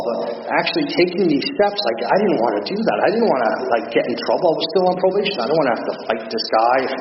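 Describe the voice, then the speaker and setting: A middle-aged man candidly telling his recovery story at a meeting, rambling and self-deprecating. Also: medium pitch. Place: meeting hall. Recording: echoey hall, dull, noisy.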